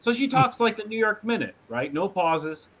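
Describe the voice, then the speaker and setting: Jokey dude in a casual chat, super lively up-and-down voice. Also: male voice, high-pitched, heavy background noise. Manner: jokey, quick with quips and impressions.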